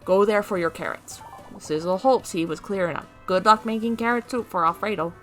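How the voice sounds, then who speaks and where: A woman's voice: mid-range voice, fairly quick, a bit bright, faint music behind, close to an everyday voice. Woman voicing a cheerful furry creature sous chef. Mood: eager, reassuring. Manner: speaks of himself in third person. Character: fluffy male creature sous chef, eager.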